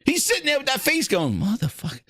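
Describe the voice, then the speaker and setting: High-voiced, animated man mocking on air. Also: moderate pace, no echo, clean studio sound. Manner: profane, mocking, rambling riff. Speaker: gaming show host. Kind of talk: casual reaction commentary.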